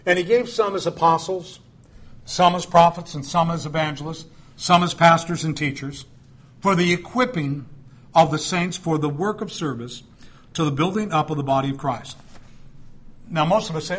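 A man's voice: a little high, normal speed, long pauses, fairly bright tone. A middle-aged man preaching a sermon in a conversational, storytelling way, with asides to the congregation.

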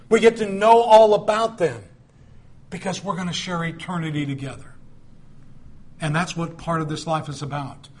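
Conversational middle-aged male preacher. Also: fairly high pitch. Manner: conversational storytelling with asides. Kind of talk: sermon.

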